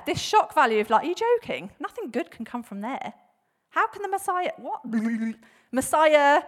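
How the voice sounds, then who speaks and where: Chatty woman preaching, slightly high. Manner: chatty, laughs often, many fillers and restarts; animated, acts out bible quotes with voices. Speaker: church speaker. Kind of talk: casual sermon talk.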